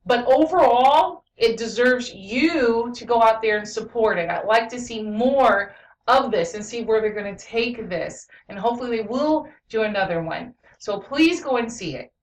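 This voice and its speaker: A woman's voice: a little high, lively intonation, moderate pace. A woman giving a casual movie review and retelling scenes with lots of "you know" fillers. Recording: roomy echo, mic at a distance.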